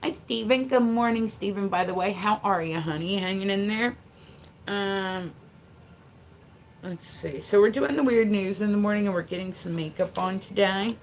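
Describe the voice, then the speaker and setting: A woman's voice: medium pitch, normal speed, a little hiss or hum. A woman hosting a casual livestream, chatting with viewers in a rambling way, laughing often and swearing freely. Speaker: livestream host.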